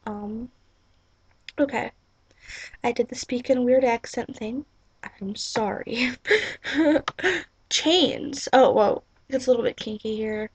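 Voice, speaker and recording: A woman's voice: on the high side, creaky, a little mellow, husky, no room sound. A young woman vlogging in casual, rambling chat, giggly and apologetic, with lots of "like" and "um", on a webcam mic in a small room at home.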